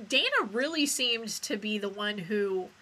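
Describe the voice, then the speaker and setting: A woman's voice: medium pitch, lively intonation, a little slow, bright, forceful tone. A woman co-hosting a podcast in casual chat, chatty and recounting details. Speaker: podcast co-host.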